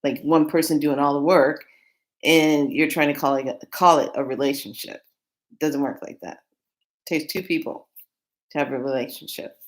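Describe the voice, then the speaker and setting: A woman who reads tarot cards, chatting casually to the camera and retelling what happened with a client in an animated way. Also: deep voice, normal speed. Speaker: tarot card reader.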